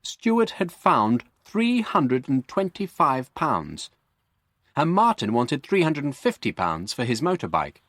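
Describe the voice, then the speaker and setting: A man narrating a graded-reader story for English learners in a slow, clear and expressive way. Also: medium pitch, no room sound, studio quality.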